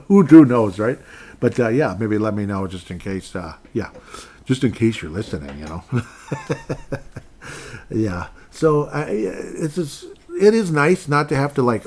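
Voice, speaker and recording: A man's voice: medium pitch, lively intonation, moderate pace, a little mellow, slightly rough. A man hosting a casual solo sports podcast, rambling with frequent laughs and bursts of mock outrage. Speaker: podcast host.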